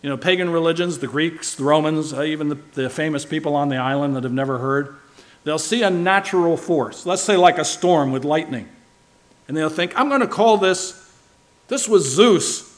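A man's voice: fairly high pitch, brisk. A man preaching a sermon with emphatic stress, now and then asking the listeners questions. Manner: emphatic, shifting loud and soft for stress; asks the listeners rhetorical questions.

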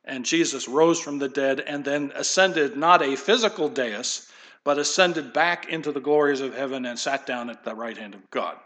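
A pastor preaching a sermon in an easygoing, conversational way, wandering into folksy asides. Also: male voice, medium pitch, moderate pace, fairly bright tone.

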